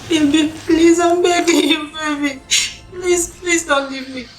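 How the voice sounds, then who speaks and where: A woman's voice: high-pitched, fairly even intonation, unhurried. A Ghanaian woman playing a young girlfriend who tearfully begs her boyfriend not to leave. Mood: pleading. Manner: tearful, begging. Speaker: pleading girlfriend. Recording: echoey room, mic far off. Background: film score music.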